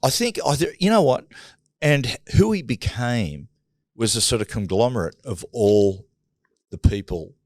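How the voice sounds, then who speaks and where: An Australian man chatting as a podcast guest, rambling through stories and often trailing off quietly. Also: medium pitch, animated, measured pace, dry recording, studio quality. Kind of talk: casual chat.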